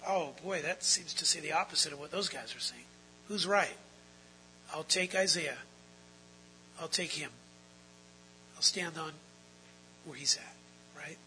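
Emphatic preacher with a bright, high voice. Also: male voice, measured pace, long pauses, slight background noise, rough recording. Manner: emphatic, swings from quiet to loud and drawn out. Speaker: pastor. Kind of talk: sermon.

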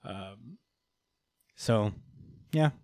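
A man's voice: on the low side, lively intonation, extremely slow, warm tone, no echo, clean studio sound. Laid-back man recapping comics, laughing. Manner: laughs often, many fillers, swears freely. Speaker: podcast host. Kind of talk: casual comic book recap.

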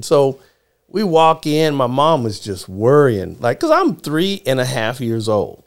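Animated middle-aged male storyteller. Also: mid-range voice, a little slow. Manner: animated storyteller acting out quotes in shifting voices. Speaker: guest, former child actor. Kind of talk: storytelling in casual chat.

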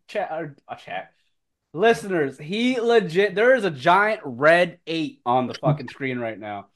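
A man running a tabletop game as game master, swearing and laughing often, with loud outbursts. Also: on the high side, lively intonation, unhurried.

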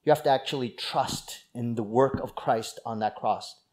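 A male pastor delivers a sermon in a relaxed, conversational teaching voice. He leans hard on key words to make his points, and his pitch sits in the middle for a man. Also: normal speed.

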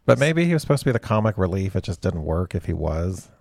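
A man co-hosting a casual movie podcast, talking in a laid-back, low-key way. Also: sing-song, quick pace, gravelly, a little mellow, dry recording, studio quality. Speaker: podcast co-host.

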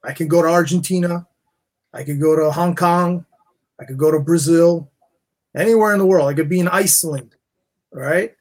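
A middle-aged man from New York chats as a podcast guest, his voice husky and a touch higher than most. He rambles, restarts his thoughts and leans on "you know" and "right?" between points. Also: moderate pace, pauses often, a little mellow. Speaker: guest, jeweler and jiu-jitsu black belt. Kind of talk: casual podcast interview.

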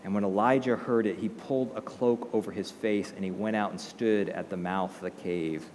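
A man's voice: on the low side, steady tone, normal speed, darkish tone, long reverb tail, slight background noise. A male pastor preaching a sermon in a conversational way, with rhetorical questions and acted-out quotes.

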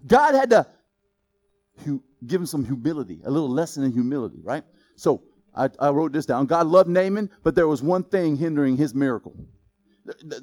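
A man preaching a sermon in a lively, joking way, quizzing the congregation with questions. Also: a little high. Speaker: pastor.

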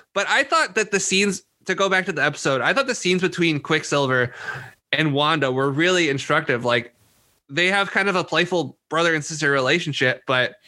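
A man's voice: fairly high pitch, pushed and bright. A man co-hosting a casual podcast chat, swearing freely and talking in an opinionated, jokey way. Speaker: podcast co-host.

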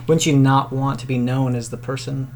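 A man's voice: mid-range voice, level tone, moderate pace. A man co-hosting a podcast, chatting casually and asking questions. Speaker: podcast co-host.

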